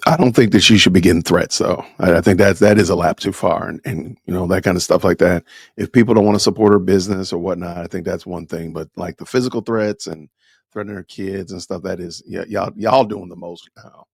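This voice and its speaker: A man's voice: low-pitched, brisk, creaky, husky, no echo, clean studio sound. A man hosting a podcast, giving emphatic, lecturing, repetitive commentary. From Atlanta, USA. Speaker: podcast host.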